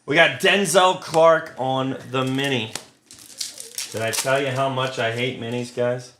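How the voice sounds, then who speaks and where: A man's voice: mid-range voice, fairly even intonation, measured pace, bright, forceful tone. A man hosting a live card break, reading out pulls with crude, joking banter. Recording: roomy with faint noise.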